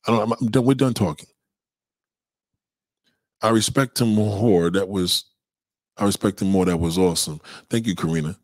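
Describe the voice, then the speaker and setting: A man's voice: fairly low pitch, moderate pace, long pauses, no room sound. A man hosting a livestream, reading chat and ranting in a profane, heated, emphatic way. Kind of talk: casual livestream rant.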